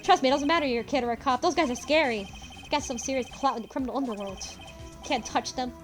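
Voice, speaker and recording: A woman reading the lines of a gruff, folksy male police detective in a fan voice-over of a game, calling everyone pal. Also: sits high, quick pace, faint music behind, natural voice. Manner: casual tough-guy talk, calls people pal.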